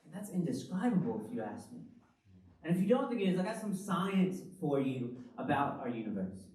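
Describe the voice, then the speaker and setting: Animated male pastor in an echoey hall. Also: on the high side, a little fast. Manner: animated, conversational preaching with rhetorical questions. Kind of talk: sermon. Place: church hall. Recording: very echoey hall, from the far mic.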